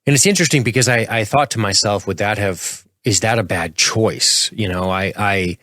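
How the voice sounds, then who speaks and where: A man with a very low, deep voice talks casually through scenes as a podcast co-host. The sound is dry and close, with no room echo. He keeps an easy, chatty flow. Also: moderate pace. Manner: recaps scenes in a relaxed, chatty way.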